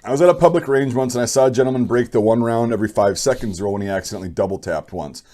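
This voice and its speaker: A man's voice: mid-range voice, very fast, dark tone. A young man hosting his channel, bluntly giving opinions and reading viewer stories in a rambling, casual way. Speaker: channel host.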